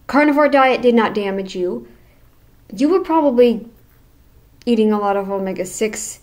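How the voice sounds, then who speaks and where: A woman's voice: medium pitch, lively intonation, normal speed, a little mellow. Blunt, sarcastic woman reacting to a clip. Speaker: reaction channel host. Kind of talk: casual reaction commentary.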